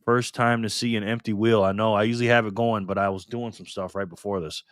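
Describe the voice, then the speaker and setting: A man's voice: fairly low pitch, fairly even intonation, fast, a bit bright, dry recording, studio quality. A man hosting a casual live stream, upbeat and chatty as he reads out viewer names and thanks them one by one.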